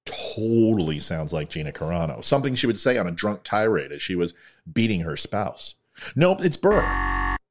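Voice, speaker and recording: A man giving an opinion commentary monologue, sarcastic and ranting, swinging between loud lines and muttered asides. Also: lowish voice, big pitch swings, normal speed, slight background noise. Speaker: online commentator.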